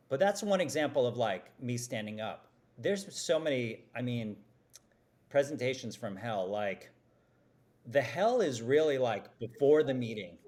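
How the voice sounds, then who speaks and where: Animated man telling work stories. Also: mid-range voice. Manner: animated, self-deprecating storytelling. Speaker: advertising executive guest. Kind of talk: podcast interview.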